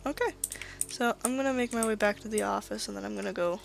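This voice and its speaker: A young woman streaming a game, talking in a relaxed, offhand way. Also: mid-range voice, quick pace, gravelly, slight background noise. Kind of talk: casual gaming chat.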